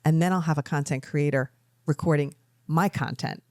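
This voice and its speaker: A woman's voice: low-pitched, normal speed, a little mellow, dry recording, clean studio sound. A middle-aged woman co-hosting a podcast, chatting casually and telling emotional, rambling stories. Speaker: podcast co-host. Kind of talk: casual chat.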